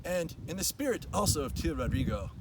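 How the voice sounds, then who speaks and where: Man, put-on Spanish accent, mock-dignified parody ad, slow theatrical delivery, higher voice, street traffic noise behind. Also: very animated. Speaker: plant show host. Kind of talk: parody product-placement ad. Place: outdoors at the side of a street.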